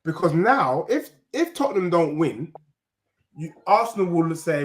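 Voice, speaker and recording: A young man, a Tottenham fan talking football and teasing rivals in lively banter. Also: on the high side, a little slow. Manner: boastful, teasing, half-sung chants. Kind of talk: animated football banter, singing taunts.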